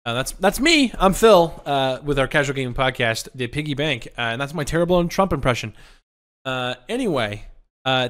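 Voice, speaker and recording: A man's voice: on the high side, fairly bright tone. Rambling man hosting a podcast. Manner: rambling, filler-heavy, self-deprecating. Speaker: podcast host. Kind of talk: casual podcast chat.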